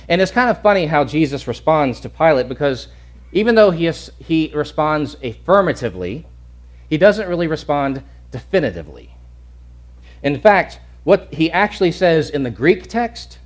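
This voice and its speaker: A man's voice: mid-range voice, big pitch swings, moderate pace. A male pastor preaching a sermon in an earnest, emphatic way, often restarting and repeating words.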